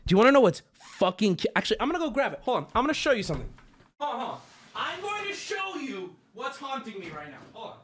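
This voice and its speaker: A male streamer talks straight to his chat in a loose, rambling way, swearing freely and mocking himself as he goes. His pitch swings widely, dropping low and jumping high. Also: big pitch swings, fast, a bit bright, husky. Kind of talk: casual storytelling to chat.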